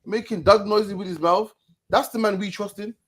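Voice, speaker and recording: A man's voice: high-pitched, steady tone, normal speed. A man preaching in casual street commentary, repeating himself and often ending lines with "man". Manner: preachy, repeats "man" at line ends, mocking mimicry.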